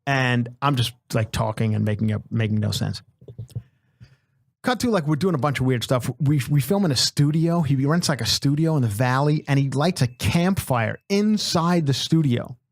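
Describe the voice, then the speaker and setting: A man's voice: medium pitch, lively intonation, moderate pace, no room sound, studio quality. A man hosting a podcast, telling a long comic story in a casual, profane way and acting out the people in it. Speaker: podcast host.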